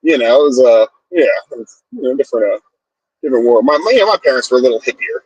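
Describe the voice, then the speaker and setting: A man's voice: medium pitch, expressive, quick pace, darkish tone, husky, no room sound, lo-fi sound. A man co-hosting a casual morning talk stream, laid-back, swearing freely and laughing often. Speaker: podcast co-host. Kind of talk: casual chat. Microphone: streaming setup.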